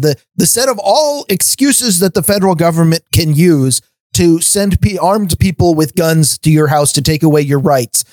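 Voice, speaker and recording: Co-hosting a podcast, this middle-aged man launches into casual rants, frequently stumbling over restarts and breaking into laughter between points. His voice is a little high with a darkish tone, and there's no echo.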